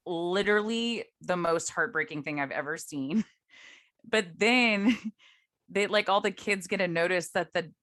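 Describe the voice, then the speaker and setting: Fairly low in pitch yet fairly bright, a young woman's voice carries a casual podcast chat she co-hosts. She's loose and talkative, leaning on "like" and laughing often.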